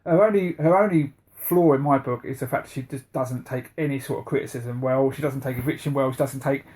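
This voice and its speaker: A man's voice: mid-range voice, brisk, darkish tone. A man co-hosting a podcast in casual, blunt, sweary chat. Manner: sweary, blunt, laughs often. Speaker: podcast co-host.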